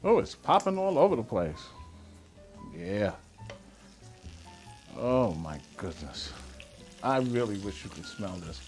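A man's voice: on the low side, big pitch swings, slow, pauses often, faint music behind. A middle-aged man hosting a cooking show, talking casually and playfully, humming and chuckling as he cooks. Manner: chatty and playful, hums and chuckles while cooking.

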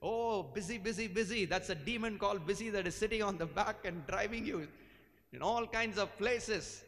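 A man preaching a sermon as pastor, exhorting and repeating phrases, sometimes slipping into a low drawl to mock lazy believers. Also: fairly bright tone. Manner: exhorting, repetitive, acts out lazy churchgoers in a low slow voice. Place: church sanctuary. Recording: church hall reverb.

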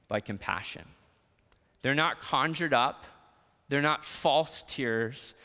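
A man preaching a sermon as a pastor, moving between quiet, tender lines and emphatic ones. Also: medium pitch, in a large hall. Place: church sanctuary.

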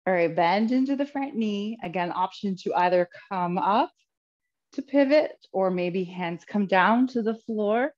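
With a mid-range, slightly mellow voice, this woman teaches a live yoga session, animated and unhurried as she talks students through each pose. Breathing a little hard, she laughs when she trips over her words. The audio is a bit dull and lo-fi.

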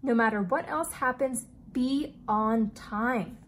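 An eccentric, kindly male inventor speaks in slow, formal, old-fashioned phrases, read aloud by a woman. The voice sits a little high, with a faint hiss of room noise behind it.

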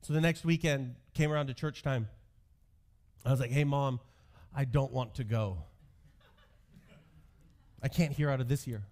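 A man's voice: mid-range voice, moderate pace, long pauses, a little mellow. Man preaching a sermon with humor. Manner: storytelling with self-deprecating humor. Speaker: pastor.

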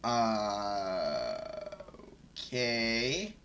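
A young man commentating his Minecraft let's-play, excitable and swearing loudly whenever he is in danger. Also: on the low side, drawn-out words, slight background noise. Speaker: gaming YouTuber.

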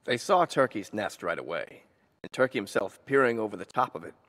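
A man reading a children's picture book aloud in a church, expressive and animated. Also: on the low side, fairly quick, heavy background noise. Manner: expressive, changing voices for animals. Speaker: story reader. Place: church hall.

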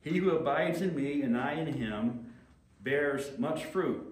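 Pastor preaching in an echoey hall. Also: male voice, mid-range voice. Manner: conversational, acts out quick voices and asks the room questions. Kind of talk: sermon. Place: church sanctuary. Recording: very echoey church hall, mic at a distance.

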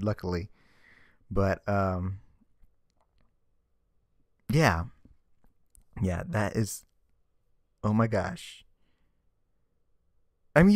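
Recorded dry with clean studio sound, a man whose voice sits on the low side offers a ranting comic book commentary as a vlogger. The tone is casual and sarcastic; he sounds exasperated and keeps stammering and repeating words.

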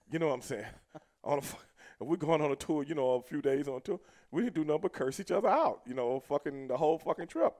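Profane, animated man telling a story. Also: on the high side, fast talker. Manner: profane, animated, shouts when quoting himself. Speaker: podcast co-host telling a road story. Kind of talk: casual storytelling.

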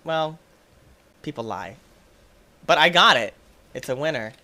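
In his let's play video, a young YouTuber with a somewhat high voice alternates between shouting at the game in frustration and chatting excitedly with his viewers.

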